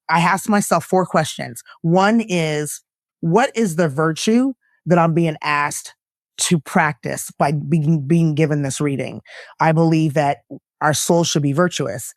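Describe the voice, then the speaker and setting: A woman guest, an actress and lifestyle coach, speaking earnestly and reflectively in a candid conversation, her voice jumping up when she laughs or gets excited. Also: no room sound, clean studio sound. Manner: earnest and reflective, with bursts of laughter and pitch jumps.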